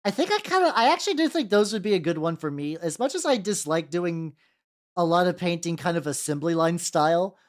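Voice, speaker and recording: A man's voice: high-pitched, animated, brisk. A young man streaming as a VTuber, chatting casually and rambling while he paints miniatures, with frequent restarts and self-deprecating jokes.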